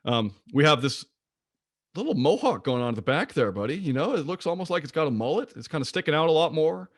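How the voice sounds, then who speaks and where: A man presenting an online slide lecture about birds, playful and jokey, with wide swings in pitch. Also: very animated, fast talker, no echo, studio quality. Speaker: guest presenter of a bird talk.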